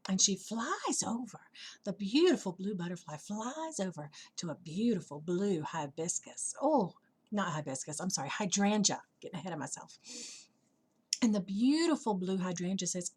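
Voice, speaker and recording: A woman telling a children's story at church, gentle and expressive, dropping to a whisper at times. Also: medium pitch, moderate pace, breathy edge.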